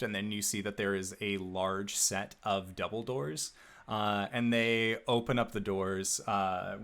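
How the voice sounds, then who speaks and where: Low-voiced man narrating as game master. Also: clean tone. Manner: relaxed, frequent "uh" fillers while narrating.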